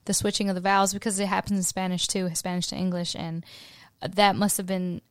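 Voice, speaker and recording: A woman teacher in relaxed conversation who agrees readily and laughs often. Her voice is mid-pitched and sounds dry and close to the mic. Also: a little fast, smooth, no echo. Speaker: bilingual teacher. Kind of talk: casual chat.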